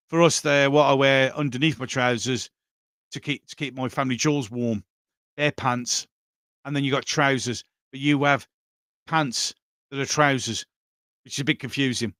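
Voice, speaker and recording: A middle-aged man from England with a Brummie accent hosts a casual livestream, reading chat and being blunt and bawdy, often laughing. His mid-range, fairly bright voice comes through clean studio sound with no room sound.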